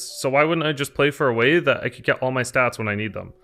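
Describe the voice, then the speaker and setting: A man with a medium-pitched, sharp-toned voice talks fast with few pauses while streaming a card game. He thinks aloud and answers chat questions in an explaining way, live-stream commentary style, with faint lo-fi music behind him.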